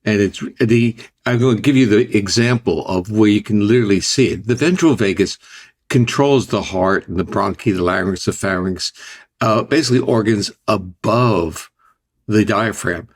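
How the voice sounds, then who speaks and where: An older man, a scientist guest, explaining ideas in a deliberate, conversational way. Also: lowish voice. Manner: deliberate, explanatory, restarts phrases.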